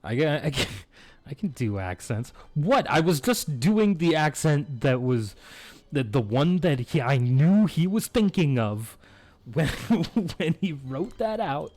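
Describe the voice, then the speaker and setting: A man's voice: fairly high pitch, big pitch swings, a little slow, a little mellow. A man chatting casually on a live game stream, joking crudely and laughing often.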